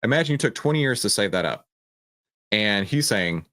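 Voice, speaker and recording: Deep-voiced man breaking down a stock chart. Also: expressive, moderate pace, a bit bright. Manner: emphatic, repeats "right?" and "okay?". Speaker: host. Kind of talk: stock market commentary over a clip.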